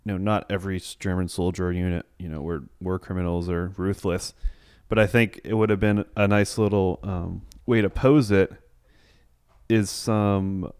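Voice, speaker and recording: Low-voiced rambling podcast man. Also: fairly even intonation, normal speed, darkish tone, smooth, dry recording, clean studio sound. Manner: rambling, hesitant, lots of fillers and restarts. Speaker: podcast co-host. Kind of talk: casual film review chat.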